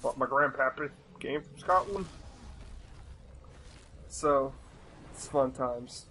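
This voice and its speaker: A man's voice: mid-range voice, takes it slowly, pushed and bright, a little hiss or hum, poor audio. A young man from the United States giving casual, rambling gameplay commentary with plenty of swearing and exasperation. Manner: rambling, profane, easily exasperated.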